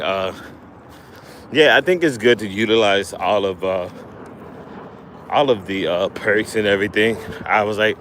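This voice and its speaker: A man hosting a casual livestream outdoors while fishing, talking in a relaxed, halting way with lots of fillers and restarts, a little out of breath. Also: on the low side, a little hiss or hum. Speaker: livestream host.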